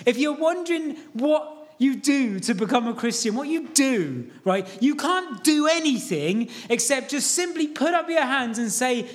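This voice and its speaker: A man preaching in a very high voice that rises and falls in lively swoops. He speaks slowly and earnestly, urging his listeners and answering his own questions. It sounds like a pastor delivering a sermon.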